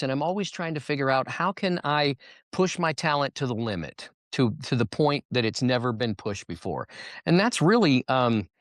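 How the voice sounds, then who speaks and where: Animated man telling stories, dry sound. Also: a little high, no echo. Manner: animated storyteller, slips into character voices. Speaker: guest entertainer. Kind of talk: casual interview chat.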